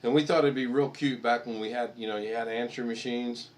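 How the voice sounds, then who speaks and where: A man's voice: mid-range voice, steady tone, brisk. An American man hosting a casual live stream chat, rambling and joking and laughing at his own stories. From United States.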